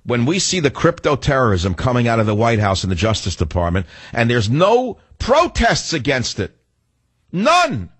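A man's voice: medium pitch, huge pitch swings, moderate pace, fairly bright tone, slightly rough, dry recording. A male radio talk show host giving an indignant monologue full of repeated rhetorical questions.

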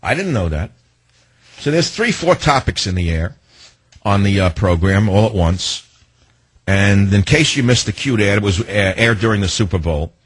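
A male talk radio host tears into his topic with a combative, hectoring delivery. His voice has a slightly husky grain, and he leans on pointed rhetorical questions. The sound is dry and close, as from a studio microphone. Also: on the low side, animated, normal speed, no echo.

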